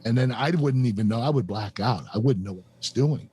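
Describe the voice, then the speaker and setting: A man's voice: medium pitch, mellow, husky. Earnest man telling a hard story. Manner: earnest, halting, many fillers and restarts. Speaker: podcast host and former wrestler. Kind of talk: emotional personal storytelling.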